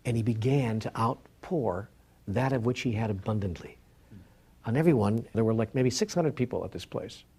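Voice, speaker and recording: A man with a husky, breathy voice pitched in the middle range tells a story to an audience. He gets animated, acting out the dialogue, and at times sinks to a soft near-whisper. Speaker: spiritual speaker. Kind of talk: storytelling talk.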